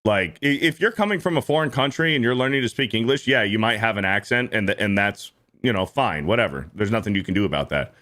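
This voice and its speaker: A man's voice: lowish voice, expressive, quick pace, hardly any pauses, fairly bright tone. Blunt profane man hosting a stream. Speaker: streamer host. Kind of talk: casual reaction commentary.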